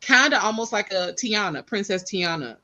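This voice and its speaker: A woman guest in casual podcast chat, telling stories in an animated, expressive way. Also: mid-range voice, normal speed.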